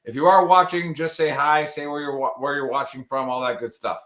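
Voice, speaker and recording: A man with a bright, forceful voice hosts a live show. He jokes and rambles casually with his co-hosts. The sound carries a roomy echo. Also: on the high side, fairly even intonation, fairly quick. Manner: loose, joking, rambling. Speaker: podcast host.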